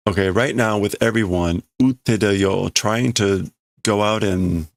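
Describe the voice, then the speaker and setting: A man's voice: on the low side, a little slow, dry recording. A man hosting a casual livestream, thinking aloud as he reads and translates a manga. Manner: musing, thinking aloud, laughs softly. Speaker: livestream host.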